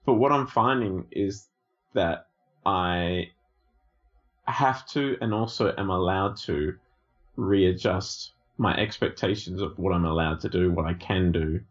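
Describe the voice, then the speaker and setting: A man chatting on a podcast in a relaxed, thoughtful way, pausing on fillers as he works through his thoughts. His voice sits on the low side. The recording sounds a little dull and muffled. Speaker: podcast co-host. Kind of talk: casual podcast chat.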